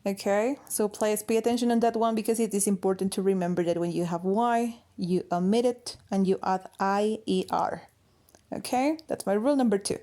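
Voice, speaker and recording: A woman's voice: medium pitch, moderate pace, warm tone. Patient woman teaching English grammar. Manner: patient, spells words out letter by letter, checks in with "okay?". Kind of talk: grammar lesson explaining slides.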